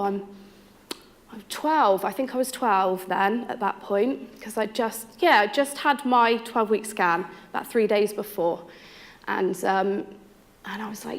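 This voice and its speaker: A woman recounts her own story in a frank, down-to-earth way. She slips into quoted voices and her own past thoughts as she goes. Her pitch sits in an ordinary middle range. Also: normal speed, vocal fry. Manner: candid, frank, lively quoting of others and herself. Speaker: interviewee telling her story. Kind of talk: personal storytelling.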